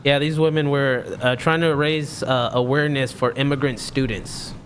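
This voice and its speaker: A man's voice: mid-range voice, steady tone, moderate pace, fairly bright tone, slight background noise. A man on a casual podcast panel, telling stories and laughing at his own jokes.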